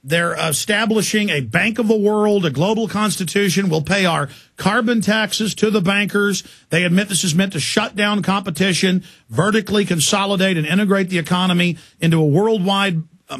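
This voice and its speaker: Gravelly high-voiced radio host. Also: male voice. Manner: forceful, declarative. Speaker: radio talk show host. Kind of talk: talk radio interview.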